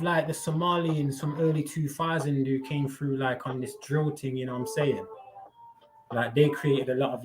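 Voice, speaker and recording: A man chatting casually on a live stream, slangy and rambling, swearing freely. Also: fairly high pitch.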